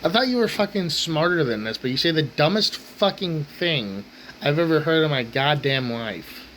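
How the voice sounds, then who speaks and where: A man's voice: fairly high pitch, lively intonation, moderate pace, a bit bright, slight background noise, rough recording. A man hosting his own rant channel, talking bluntly and swearing constantly in an angry rant.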